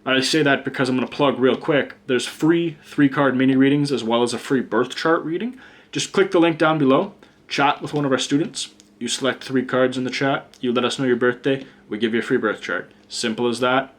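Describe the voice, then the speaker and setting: A man's voice: mid-range voice, a little fast. A man giving a casual pick-a-card tarot reading, blunt and chatty, swearing freely and drifting into rants. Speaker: tarot reader and teacher.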